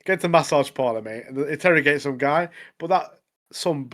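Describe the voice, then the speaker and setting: A slightly high, somewhat bright voice moves at a fairly quick clip as this man co-hosts a podcast. He talks eagerly and casually in slang and keeps calling people "mate."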